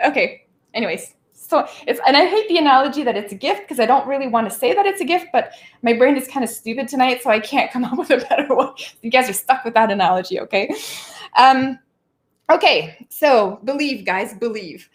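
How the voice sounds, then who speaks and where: Casual female streamer with a higher voice, animated and loose, talks history off the cuff. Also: a little fast. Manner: chatty and animated, laughs often, slangy asides. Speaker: livestream host. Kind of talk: casual political commentary on a book.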